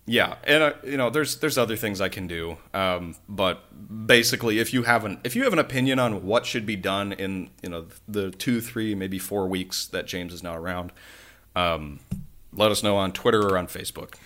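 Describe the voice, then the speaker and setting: A man's voice: fairly low pitch, moderate pace, pushed and bright. A man hosting a podcast in casual chat, rambling and joking with lots of fillers and restarts while he's sick. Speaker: podcast host.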